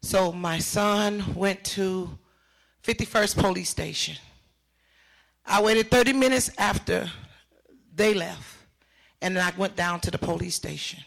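An older woman giving emotional personal testimony as a mother, talking emphatically and repeating herself, her voice rising into shouts. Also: medium pitch, a little slow, gravelly, pauses often.

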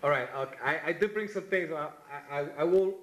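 A man's voice: a little high, a little fast, heavy background noise. Impassioned New man in an echoey room. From New York. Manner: impassioned, repeats himself, shouts chants. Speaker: community activist reading a tribute poem. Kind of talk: spoken memorial remarks and poetry reading.

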